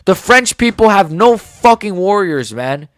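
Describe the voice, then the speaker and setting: A man's voice: high voice, big pitch swings, measured pace, no room sound, studio quality. A man in his forties giving a heated, sarcastic reaction rant full of swearing. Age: 40s. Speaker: MMA commentator.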